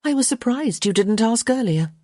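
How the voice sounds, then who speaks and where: A woman voicing a bright, teasing young lady. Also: fairly high pitch, animated, moderate pace, no room sound, studio quality, pitched above the performer's own voice. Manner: frank and teasing. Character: bold, curious young society lady, quick-witted.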